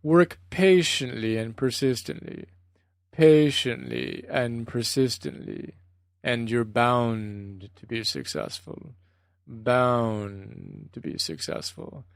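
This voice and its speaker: A man imitating an older male meditation teacher, repeating a phrase in a slow, rhythmic, chant-like way. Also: medium pitch, animated, vocal fry, no echo, studio quality, voice pushed down. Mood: calm, urging. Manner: drawn-out, chant-like repetition.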